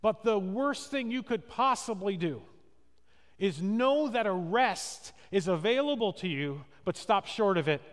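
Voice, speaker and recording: A male pastor delivers a sermon in a high voice at an unhurried pace. He tells stories with acted quotes and keeps asking the congregation questions. A long church-hall reverb trails his words. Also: expressive. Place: church sanctuary.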